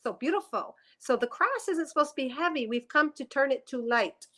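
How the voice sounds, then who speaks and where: A woman's voice: high voice, expressive, fairly quick, pushed and bright. A woman doing a psychic reading on a headset mic, emotional and tearful as she rambles through her impressions. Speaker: psychic reader. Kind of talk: spiritual reading session.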